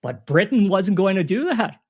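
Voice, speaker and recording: A man's voice: high voice, big pitch swings, moderate pace, darkish tone, husky. A man hosting a casual history podcast chat, playful and sarcastic. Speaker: podcast host.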